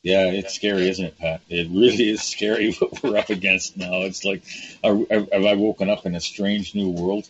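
A man's voice: low-pitched, fairly even intonation, normal speed. A man hosting a talk show, indignant, addressing his guest by name. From Canada. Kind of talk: opinionated talk show chat. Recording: dull lo-fi sound.

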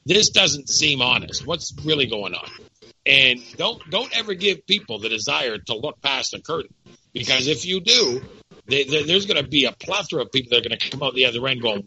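A man's voice: mid-range voice, very animated, fast, pushed and bright, dull audio, slight background noise. A man talking about his faith in casual conversation, fervent and full of stories, often repeating words as he builds up. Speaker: guest. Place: Dominican Republic.

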